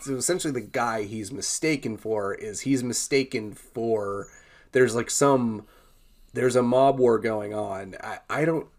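A young man co-hosting a film podcast, chatting casually with quick asides. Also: mid-range voice, darkish tone. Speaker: podcast co-host.

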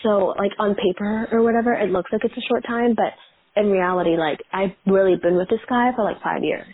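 A woman in her twenties talks casually with a friend, her husky voice full of "like" fillers. The sound is thin and narrow, like a phone line. Her pitch sits in the middle. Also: fairly quick. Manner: chatty, many "like" fillers. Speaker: guest. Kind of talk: casual chat.

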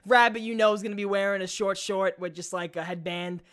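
Male podcast co-host, crude and jokey, bright cutting tone over a call. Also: high voice, fairly even intonation, fairly quick. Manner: rowdy, profane, jokey. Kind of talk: casual podcast banter. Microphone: video call.

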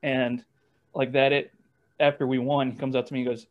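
A young man, a former baseball catcher, telling stories in a relaxed, rambling way with lots of fillers and restarts. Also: medium pitch, moderate pace. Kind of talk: casual storytelling interview.

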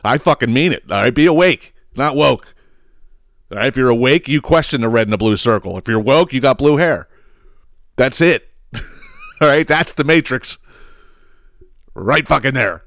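A mid-range, expressive, slightly bright male voice moves at a moderate pace and pauses often. As a podcast host, he rants about politics with plenty of profanity, emphasis, and repeated words, recorded in studio quality with no echo.

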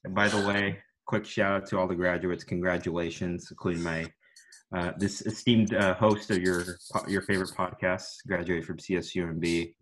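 A young man with a baritone voice, a student broadcaster chatting as a podcast guest in a rambling, self-deprecating way. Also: fairly even intonation, moderate pace, fairly bright tone. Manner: rambling, self-deprecating, with sudden announcer-style bursts. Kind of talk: casual podcast chat.

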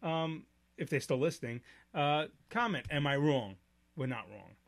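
A man's voice: fairly high pitch, expressive, normal speed, gravelly. A man co-hosting a live podcast, talking in a blunt, joking, profane way. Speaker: podcast co-host. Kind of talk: casual chat on a live podcast.

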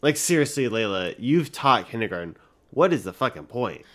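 A man's voice: mid-range voice, sing-song, moderate pace, a bit bright. A young man co-hosting a casual podcast, rambling with lots of fillers and casual swearing. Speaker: co-host.

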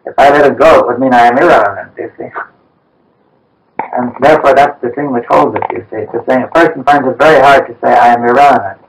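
Halting man speaking from a distance. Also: medium pitch, gravelly. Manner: halting and searching, frequent "you see" and restarts. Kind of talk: philosophical dialogue.

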